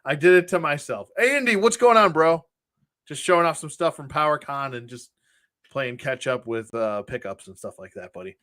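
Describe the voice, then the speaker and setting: A man's voice: a little high, animated, moderate pace, fairly bright tone. A middle-aged man from the Buffalo area hosting a casual toy-collecting livestream, rambling, laughing often and greeting viewers by name. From Buffalo, New York area.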